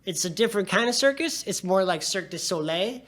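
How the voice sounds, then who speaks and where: A man in his forties talks casually as a podcast guest, his voice sitting a little high. He rambles in an animated, loose way, dropping "dude" and "like" as he goes. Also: brisk. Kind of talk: casual chat.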